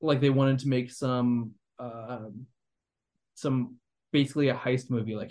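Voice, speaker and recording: A man's voice: mid-range voice, steady tone, normal speed, a little mellow. A young man hosting a podcast, rambling critically about a movie with lots of fillers and restarts. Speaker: podcast host. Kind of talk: casual movie review chat.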